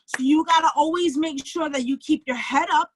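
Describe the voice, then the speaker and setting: A woman's voice: high voice, normal speed, no echo, low-quality recording. A woman with a Bronx New York accent giving a casual, blunt tarot reading, often checking in with "okay?" and swearing freely. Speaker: psychic tarot reader. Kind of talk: tarot reading on a live stream.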